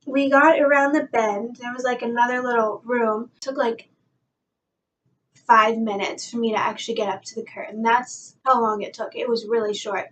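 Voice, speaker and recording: A young woman telling an excited fan story in a vlog, gushing and breathless, full of "like" and "guys". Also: a little high, normal speed. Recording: voice a bit far from the mic, faint background noise.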